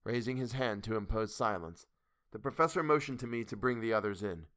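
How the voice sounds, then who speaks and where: A man narrates a classic novel with measured, steady pacing. His voice sits on the low side. The audiobook recording is dry and close, with no room echo. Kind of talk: audiobook reading.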